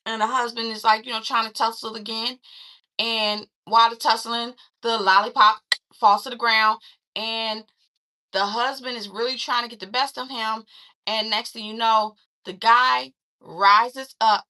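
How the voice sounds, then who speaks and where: Bright-voiced woman recapping a movie. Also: on the high side, unhurried. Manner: animated retelling with many fillers and restarts. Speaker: movie reviewer.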